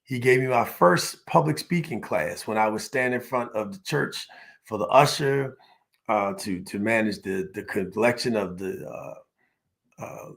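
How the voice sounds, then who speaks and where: Gravelly-voiced man giving a motivational talk. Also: lowish voice, fairly bright tone. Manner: emphatic, call-and-response with audience; storytelling, repetitive listing cadence. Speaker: motivational business speaker. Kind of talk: motivational speech.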